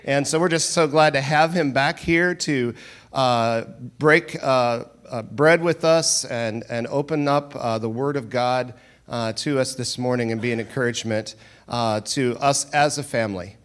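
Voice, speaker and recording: A man, a church pastor, introducing a guest speaker to the congregation with many pauses and fillers. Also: medium pitch. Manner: warm welcoming, filler-heavy. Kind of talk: sermon introduction.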